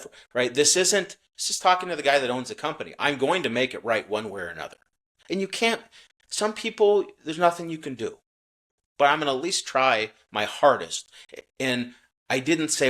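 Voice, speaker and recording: A middle-aged man, a company chief, telling a customer-service story in a relaxed interview with earnest restarts. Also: medium pitch, fairly quick. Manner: earnest, acts out quoted dialogue, many restarts. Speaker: menswear company CEO, podcast guest. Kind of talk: casual interview talk, storytelling.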